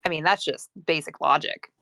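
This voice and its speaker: A woman's voice: deep voice, fairly quick, vocal fry, pushed and bright, no echo, clean studio sound. A woman playing a tabletop game, arguing her reasoning casually with fillers. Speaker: player.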